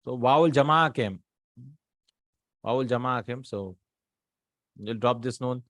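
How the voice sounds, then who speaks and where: Teaching Arabic grammar through exercises, this man speaks a little slowly in a medium, slightly bright voice, patiently drilling each word form aloud and asking himself questions he then answers. The studio-quality sound has no echo.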